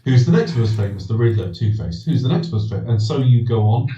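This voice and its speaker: A man's voice: fairly low pitch, lively intonation, fast, mellow, a little hiss or hum. A man hosting a podcast, talking about films in a rambling way, often restarting sentences and asking himself questions. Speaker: podcast host. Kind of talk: casual film discussion. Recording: distant roomy dull recording.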